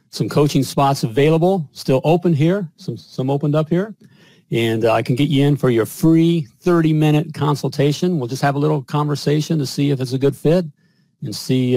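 A man's voice: medium pitch, mellow. A male podcast host with a mid-range voice who talks in an emphatic, coaching manner and keeps checking in with his listeners. The sound is dry and close, with no room echo. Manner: emphatic, repeats "all right?" and "you know". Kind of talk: host conversation and spoken sponsor pitch.

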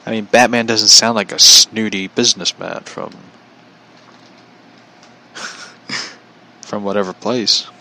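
A man's voice: on the low side, steady tone, slow, vocal fry, long pauses, bright, forceful tone. A young man chatting casually on a livestream, rambling, often chuckling and reading out viewer comments. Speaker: vlogger.

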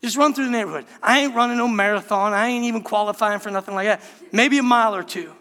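A man's voice: high voice, fast, pushed and bright. A male pastor giving an earnest, impassioned sermon, often calling the congregation "church".

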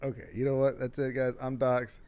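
A man co-hosting a loose podcast, swearing often and ranting bluntly. He sits at a middling pitch and talks casually, like he's chatting with a friend. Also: fairly even intonation, fairly quick, darkish tone, clean tone. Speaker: podcast host. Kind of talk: casual chat.

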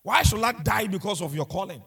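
A man's voice: sits high, animated, fairly quick, vocal fry, a bit bright, slightly rough. A man preaching a sermon with passion, repeating himself and asking the congregation rhetorical questions. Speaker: pastor.

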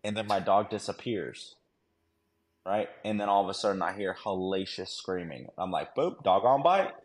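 A man's voice: low-pitched, steady tone, moderate pace. A man, a former army dog handler, telling a war story on a podcast in a casual, slangy way full of fillers and "right?". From United States.

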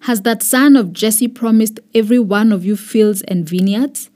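Kenyan woman doing an enraged old king, yelling, high and loud, dark tone. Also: normal speed, natural voice. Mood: furious, accusing. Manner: loud accusing shouts. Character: furious suspicious old king, shouting.

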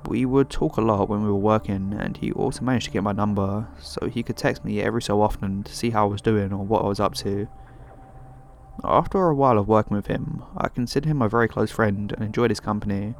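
Male horror narrator, lower pitch, even measured read. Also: gravelly, a little hiss or hum. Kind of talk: scripted horror story narration.

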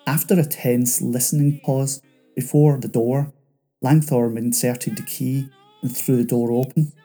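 A man reading a scripted true-crime narration in a measured, dramatic way. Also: medium pitch, fairly even intonation, warm tone.

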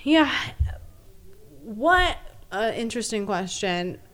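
A woman co-hosting a casual podcast chat, an animated storyteller who laughs often and swears freely. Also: on the high side, slow. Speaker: podcast co-host.

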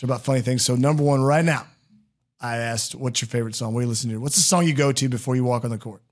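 A man's voice: medium pitch, rapid-fire. A man hosting a casual podcast interview, joking, rambling and laughing often. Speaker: podcast host.

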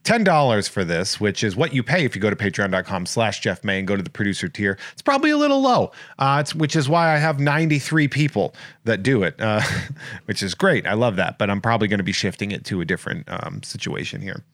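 A man hosting a podcast in casual chat, joking and rambling through listener shout-outs. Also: on the low side, very animated, fast talker, no echo, studio quality. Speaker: podcast host.

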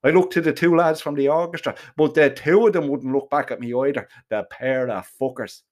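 An Irish man spins a comic first-person yarn, cursing freely and piling on slang. His voice sits a little high for a man. He rambles along like a storyteller at a bar. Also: steady tone, fairly quick, darkish tone. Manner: foul-mouthed, rambling, colourful slang.

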